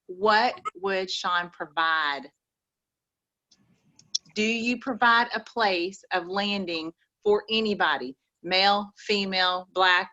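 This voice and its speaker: A woman's voice: on the low side, bright, forceful tone, lo-fi sound. A woman with an East Texas accent giving folksy, preachy motivational advice on a group call. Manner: folksy, preachy, says y'all.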